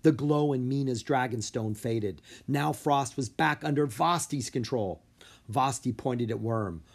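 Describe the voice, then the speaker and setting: A man narrating a children's book aloud in an expressive storytelling way. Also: mid-range voice, a little slow, gravelly. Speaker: audiobook reader.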